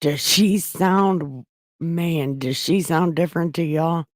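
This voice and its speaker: A woman with a rough, strained voice from a damaged voice box, blunt and profane, giving casual live commentary on a court video. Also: sits low, takes it slowly, no echo.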